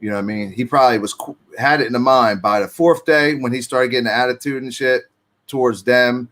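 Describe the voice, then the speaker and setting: A man's voice: medium pitch, brisk, fairly bright tone. A man telling his own story in casual street slang, swearing freely and acting out what people said. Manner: street slang, profane, acts out quotes.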